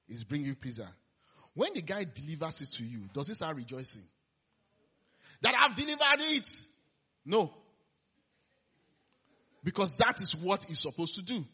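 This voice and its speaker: Husky-voiced man preaching a sermon. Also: on the high side, fairly bright tone.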